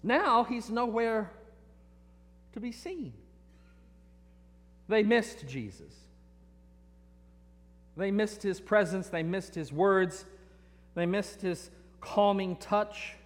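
Guy preaching a sermon, high voice, storytelling, echoey hall. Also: animated, slow pace, long pauses. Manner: storytelling, earnest, repeats words. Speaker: pastor.

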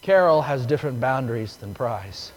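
A man preaching a sermon, telling a story that swings from hushed, slow lines to loud, excited ones. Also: medium pitch. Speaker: pastor. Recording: long hall reverb.

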